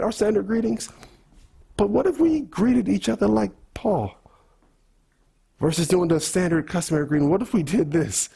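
A man's voice: sits high, vocal fry, a little mellow, slightly rough. A man preaching a sermon, teaching through a letter in casual, emphatic speech that repeats words and mixes scripture with everyday talk.

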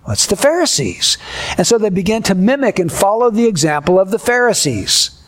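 A male pastor preaching a sermon in a measured, deliberate way, building repeated contrasts. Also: high-pitched, sing-song.

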